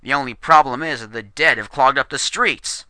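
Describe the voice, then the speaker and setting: A man voicing a gruff, distrustful frontier man who talks bluntly and loudly, in a spoken story. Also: medium pitch, normal speed, no room sound, pitched above the performer's own voice. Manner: blunt, hostile, loud. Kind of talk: storytelling character voice.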